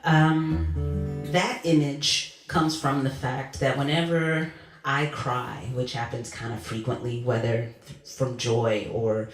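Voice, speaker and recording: A woman in her forties, an earnest song leader chatting over a video call with many fillers before teaching a song. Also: extremely low pitch. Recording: roomy sound with guitar playing.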